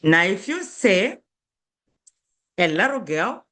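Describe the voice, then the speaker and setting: Woman teaching beginners real slow, keeps repeating words, says okay a lot. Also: medium pitch, sing-song, bright, forceful tone. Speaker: language teacher. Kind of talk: beginner language lesson.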